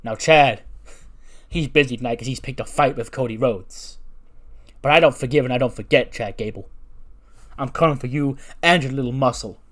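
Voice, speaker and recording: A man's voice: medium pitch, moderate pace, fairly bright tone, natural voice. A man doing a brash trash-talking wrestler. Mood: taunting. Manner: trash-talking, taunting, sing-song chants. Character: brash male wrestler calling out a rival.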